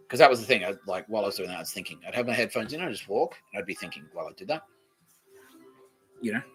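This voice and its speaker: Australian man, podcast host, rambling chat, swears a lot, bright tone, faint music behind. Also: on the low side, low-quality recording. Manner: swears freely, loose and laughing. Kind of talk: rambling casual monologue.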